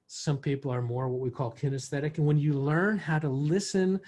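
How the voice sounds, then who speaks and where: Male workshop instructor, husky, slightly high, explanatory, video-call sound. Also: fairly even intonation, moderate pace, darkish tone. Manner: explanatory, gives worked examples. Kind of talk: online workshop teaching.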